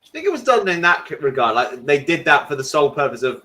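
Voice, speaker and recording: Bright-voiced man in casual chat. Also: fairly high pitch, sing-song, quick pace. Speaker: podcast co-host.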